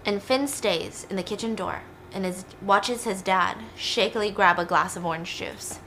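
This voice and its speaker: A woman's voice: medium pitch, moderate pace, pushed and bright, slight background noise. A young woman casually retelling a film plot in a chatty way, with lots of like and you know. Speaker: storyteller.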